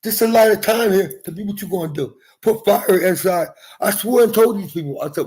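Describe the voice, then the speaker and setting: A man's voice: high voice, normal speed, darkish tone. A man in his forties talking straight to viewers in a rambling, profane monologue from inside his house, jumping from topic to topic.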